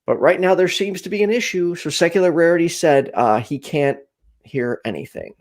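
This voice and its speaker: A man's voice: a little high, normal speed, a little mellow. A man hosting a casual call-in chat show from home, rambling and a bit anxious, with lots of fillers. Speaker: host. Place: home room, packing up for a move.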